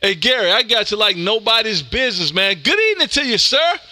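A man from Texas with a Texan accent, working ham radio contacts on a live stream in a loud, folksy way, tossing "man" into most lines. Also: high voice, expressive, a little fast, dry recording.

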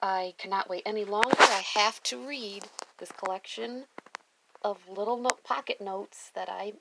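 A woman who used to teach preschool, reading her old notes aloud in a casual chat, gushing and dropping into soft whispered asides. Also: mid-range voice, normal speed, creaky, heavy background noise.

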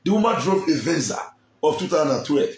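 A man's voice: a little high, big pitch swings, fairly quick, darkish tone, reverberant. A man with a Nigerian accent telling a personal story in a dramatic way, acting out the people he quotes.

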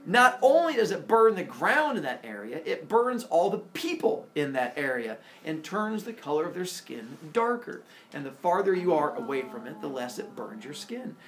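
A male teacher retelling a myth to his class in a playful, animated storytelling style, with asides to the students. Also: on the high side, moderate pace, few pauses. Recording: echoey room, far from the mic.

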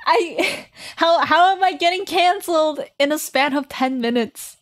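A woman's voice: high voice, a little slow. A woman streamer chatting casually with her viewers, laughing often and teasing them. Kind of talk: casual live stream chat.

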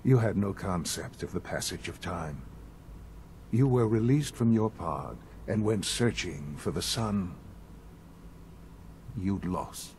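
An actor playing a calm, composed elderly man who leads a secret institute in a video game, speaking in a measured, explanatory way. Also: low voice, a little hiss or hum. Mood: solemn. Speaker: game character.

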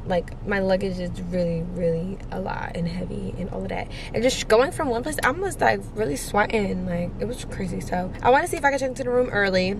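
A woman's voice: mid-range voice, a little fast, creaky, few pauses, background noise. A young woman from Pennsylvania chatting playfully to her viewers in a casual vlog. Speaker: vlogger. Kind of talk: casual vlog chat to camera.

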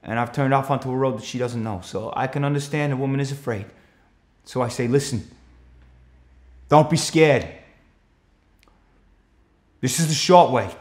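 A man's voice: mid-range voice, normal speed, long pauses, close to an everyday voice. A man from Australia acting a stage monologue, playing an anxious countryman who earnestly recounts a night drive. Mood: troubled. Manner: earnest, rising to urgent shouts when retelling the chase. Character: anxious rural man, defensive storyteller. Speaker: actor performing a stage monologue. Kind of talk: theatrical monologue.

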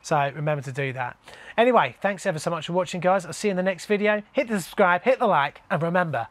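A man's voice: sits high, animated, quick pace, fairly bright tone, no echo. A man hosting his plumbing channel, casually reading out viewer comments and joking with viewers he calls mate.

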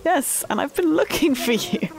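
A woman commenting casually on her game, excitable and chatty with frequent giggles. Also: mid-range voice. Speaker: gaming vlogger. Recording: soft background music.

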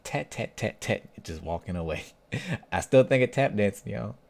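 A man's voice: fairly low pitch, moderate pace, gravelly. A young man hosting a casual reaction video, reading a webcomic aloud and joking about each scene. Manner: animated, jokey, reads comic lines aloud and riffs on them.

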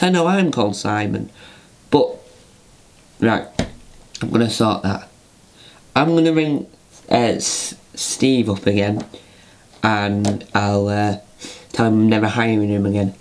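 A man voicing a slow, fretful puppet host. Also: on the low side. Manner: talks to himself, frets and stumbles over names. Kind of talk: homemade puppet comedy.

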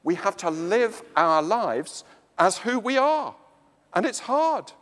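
An English man preaching a slow, emphatic sermon in a church. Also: very animated, fairly bright tone, in a large hall. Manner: slow, emphatic preaching with dramatic swings of pitch and volume.

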